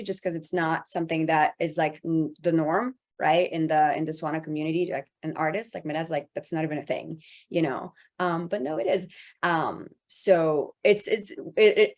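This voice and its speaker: A woman voice actor speaking on a panel, passionate and rambling, with many restarts. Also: lowish voice. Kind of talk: panel discussion.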